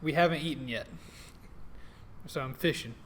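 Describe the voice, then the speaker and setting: Give me a playful man with a slightly high voice describing his character's actions. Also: normal speed, fairly bright tone, a little hiss or hum. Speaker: player. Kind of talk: casual tabletop play.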